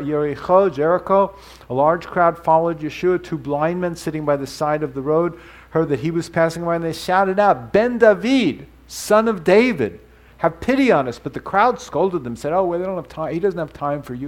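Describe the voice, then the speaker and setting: Guy preaching a sermon, kinda high voice, teacherly, stops to explain stuff. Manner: teacherly, explains terms and asides. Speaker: pastor.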